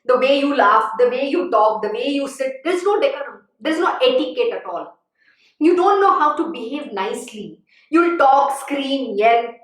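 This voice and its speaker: A woman delivers a spiritual sermon, stressing her warnings and scolding her listeners. Her voice sits high. The recording has a heavy room echo. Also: lively intonation, normal speed. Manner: emphatic, admonishing, repeats warnings. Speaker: spiritual teacher. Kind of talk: sermon-style scripture exposition. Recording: very echoey room.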